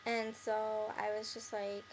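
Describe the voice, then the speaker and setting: A woman's voice: medium pitch, monotone, takes it slowly, a little hiss or hum, low-quality recording. Young woman rambling with constant "like"s. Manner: rambling, filler-heavy, "like" in nearly every phrase; blunt and bitter toward the listener. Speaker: vlogger addressing an ex-friend. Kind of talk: casual rambling monologue to camera.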